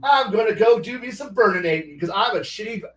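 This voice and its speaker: A man's voice: high voice, expressive, brisk, a bit bright, roomy sound, pitched above the performer's own voice. A man voicing a boastful male red dragon who grumbles and swears, recorded from a distance. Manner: grumbling, profane.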